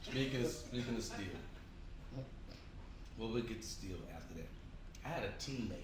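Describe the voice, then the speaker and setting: Animated storytelling male host, lively pitch, echoey room with clear background noise. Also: moderate pace. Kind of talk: casual chat.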